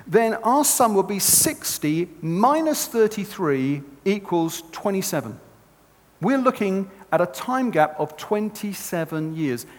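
A man delivers a sermon in a high, lively voice, swinging up and down as he tells stories. His manner is conversational and animated, speaking straight to a live audience. A long hall reverb trails each phrase. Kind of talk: sermon with storytelling.

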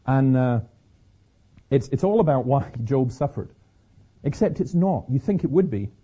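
Dark husky-voiced man telling stories. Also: medium pitch, animated, normal speed. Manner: storytelling, frequent restarts and repeated words. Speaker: Christian speaker. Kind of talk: public talk with personal stories.

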